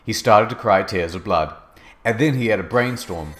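A man narrating a fanfic as a comedic dramatic reading, in a mock-earnest deadpan. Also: on the low side, moderate pace.

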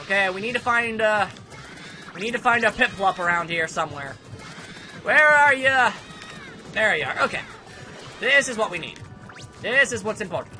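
A young man giving casual, sarcastic gameplay commentary, grumbling at the game and now and then bursting into shouts. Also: sits high, expressive, moderate pace, pauses often. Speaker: let's play commentator. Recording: faint game music behind.

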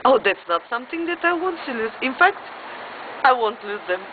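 A woman's voice: on the high side, very animated, normal speed. A woman playing a jilted, bitterly joking wife. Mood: wistful pleading. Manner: swings between sarcastic jokes and tearful pleading. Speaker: actress performing a monologue. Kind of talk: theatrical stage monologue. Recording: tinny phone-like audio with background noise.

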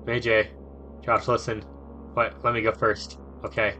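A man reading a visual novel aloud for his gaming channel, with swearing and quick reactions. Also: on the low side, flat delivery, sharp tone, soft background music.

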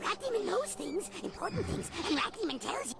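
Cast note: squeaky, lively rat demon; wheedling broken-grammar game voice, music bed. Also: female voice, fairly quick, creaky, exaggerated voice. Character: small scheming groveling rat demon. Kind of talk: video game voice acting.

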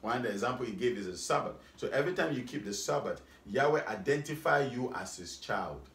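A man's voice: mid-range voice, animated, fairly quick, fairly bright tone, roomy sound. A man preaching a sermon, reading scripture aloud and repeating key lines, prompting listeners with questions like "what?". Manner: rhythmic, repeats lines, asks the congregation what. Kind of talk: sermon with call and response.

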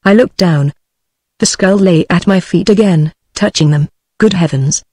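A text-to-speech woman's voice with a British English accent, reading a story aloud in an even, steady way. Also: lowish voice, moderate pace, slightly rough, no echo. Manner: even, steady reading of all parts alike. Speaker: narrator.

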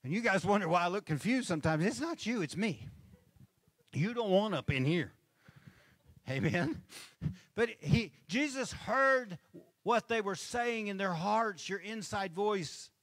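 A man whose voice sits high and a bit bright preaches at a measured pace with animation, and no room sound is audible. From the church stage he keeps it conversational, seeking amens from the congregation and chuckling as he moves between points.

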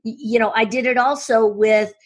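A woman speaking coach telling stories in an interview, excitable and full of quick restarts and asides. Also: on the high side, slightly rough. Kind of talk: enthusiastic interview storytelling.

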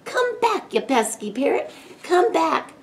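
A woman voicing an eager young pirate boy in a storybook, high and pleading. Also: big pitch swings, measured pace, exaggerated voice.

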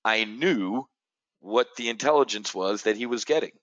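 Talking straight to camera from a studio chair, an American man presents a live options-trading brief with boastful, brash sales patter. He's a trading educator with a lowish, slightly bright voice at a moderate pace, and the recording is dry.

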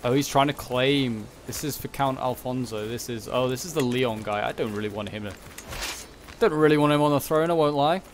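A young man giving casual commentary on a strategy game, thinking aloud and muttering quick reactions. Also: medium pitch, a little hiss or hum. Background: background music.

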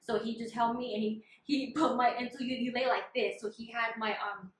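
A woman with a fairly high voice tells her story in close detail, chatty and often laughing. The sound comes from a roomy, echoey space. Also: steady tone, brisk. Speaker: vlogger sharing her surgery experience. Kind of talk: casual storytelling chat. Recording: echoey room.

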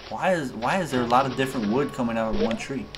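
Excitable man doing game commentary. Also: medium pitch, quick pace, noisy background. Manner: excitable, talks to viewers as "y'all", slangy. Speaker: gaming video host. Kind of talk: casual let's-play commentary. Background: game music.

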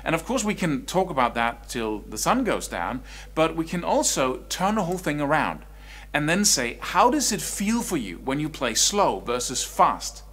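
Male guitar teacher, lively, slightly high voice, explains in an animated, conversational way. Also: normal speed. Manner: animated, swings between quiet and loud speech to demonstrate. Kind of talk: online music lesson.

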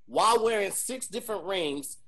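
A man's voice: high-pitched, lively intonation, normal speed, a loud crowd. A man co-hosting a podcast who teases his co-hosts in playful banter. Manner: teasing, playful ribbing. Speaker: podcast co-host.

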